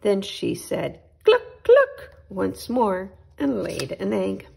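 A woman hosting a children's storytime, reading a picture book aloud in a gentle, unhurried way. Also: medium pitch, gravelly, slight background noise. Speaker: storytime host.

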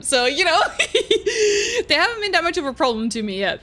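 A woman's voice: very high-pitched, sing-song, normal speed, sharp tone. A young woman with a Dutch accent giving live gameplay commentary, jumpy and shrieking and laughing at scares. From Netherlands. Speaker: streamer.

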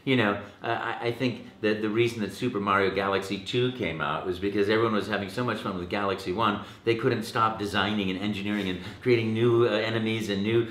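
A man's voice: lowish voice, steady tone, quick pace, hardly any pauses, fairly bright tone, roomy sound. A middle-aged male voice actor telling stories in a playful, theatrical way during an interview. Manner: playful, theatrical, acts out quotes. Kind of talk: animated storytelling in interview.

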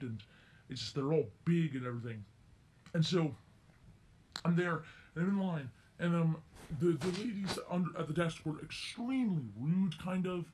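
A man's voice: on the high side, darkish tone. A teenage boy telling a rambling, self-correcting story in a casual story-time vlog. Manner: rambling, circling back and correcting himself. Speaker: vlogger.

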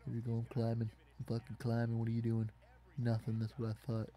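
A man's voice: mid-range voice, monotone, quick pace, warm tone. A man casually commenting on a wrestling video game as he plays, rambling and swearing in frustration at it. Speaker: gaming YouTuber.

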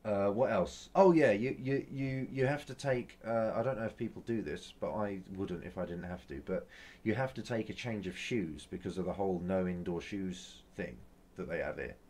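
A young man rambling through a casual vlog in a low, mellow voice. He grumbles and complains, tripping over restarts and fillers and swearing now and then. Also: moderate pace. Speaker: vlogger.

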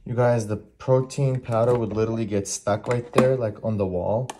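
A man's voice: medium pitch, steady tone, moderate pace, over music. A young man vlogging casually from his apartment kitchen, chatty and rambling, keeps saying "you guys". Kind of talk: casual vlog chat to camera.

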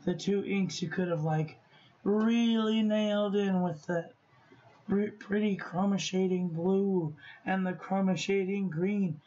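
Slow, high-voiced man reviewing inks. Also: muffled recording. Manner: expressive, profane, talks to himself while testing inks. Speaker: stationery vlogger reviewing inks. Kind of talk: casual unboxing vlog.

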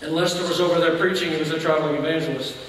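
A church elder preaching a sermon, telling a story and acting out shouted lines. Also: male voice, fairly high pitch, fairly even intonation, rapid-fire, slight background noise. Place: church sanctuary. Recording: echoey hall from far off.

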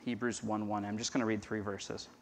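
A man preaching a conversational sermon as pastor, swinging from loud emphasis to a near-whisper. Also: fairly low pitch, flat delivery, fairly quick, vocal fry, slight background noise. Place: church.

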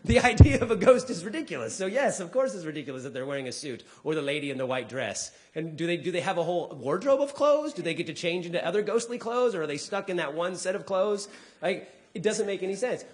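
A man, a comedian, speaking casually to a live audience, acting out people's lines with big pitch jumps and dropping low for asides. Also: animated, quick pace, few pauses. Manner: drops to a quieter, lower voice for asides. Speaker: comedian giving a talk.

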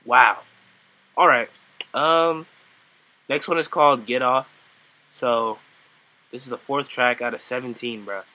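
A man giving a casual, excitable reaction and review of a rap album, slangy and swearing. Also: medium pitch, unhurried, long pauses, no echo, low-quality recording. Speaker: music reviewer. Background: music playing.

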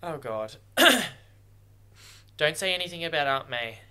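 Excitable man with a bright, forceful voice. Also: a little high, slow pace, clear, resonant tone. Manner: excitable, talks at the screen, swears freely. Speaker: reaction video host. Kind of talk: casual first-watch reaction commentary.

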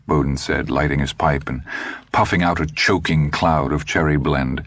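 Low, husky male audiobook narrator. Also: dry recording. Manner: dry, measured storytelling. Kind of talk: scripted narration.

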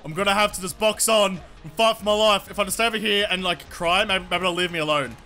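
Talking fast into a desk mic, this male YouTuber has a high voice and a throat worn raw from constant yelling. His let's-play commentary is loud and hyped, packed with swearing, with faint music in the background.

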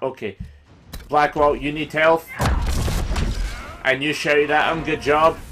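A young Scottish man commentating his gameplay live, excitable and sweary, often bursting into yelling. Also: a little high. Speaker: gaming YouTuber. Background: game music.

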